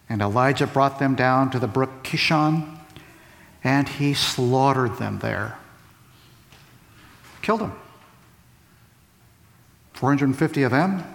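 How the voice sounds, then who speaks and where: A man's voice: mid-range voice, gravelly, fairly bright tone. A man preaching a sermon, asking rhetorical questions and repeating key phrases for emphasis. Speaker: pastor. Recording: long reverb of a large hall.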